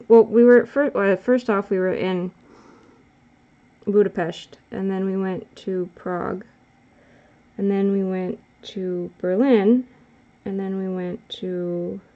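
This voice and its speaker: A woman's voice: medium pitch, steady tone, slow pace, pauses often, dark tone. Woman rambling casually while drawing, keeps correcting herself, kinda muffled lo-fi audio. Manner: rambling, self-correcting, chatty. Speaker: art vlogger.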